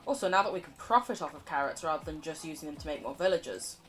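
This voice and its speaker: A woman's voice: low-pitched, quick pace, a bit bright, faint music behind. A woman streaming a game, chatting in a rambling, self-mocking way, laughing often and swearing casually. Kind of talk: casual live-stream chatter while playing.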